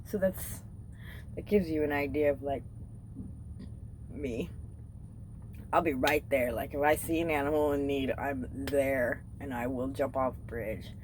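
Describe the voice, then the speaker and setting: A woman's voice: a bass voice, a little slow, pauses often, darkish tone, slight background noise, low-quality recording. A woman vlogger casually recounting a dream, rambling and swearing freely. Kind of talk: casual storytelling.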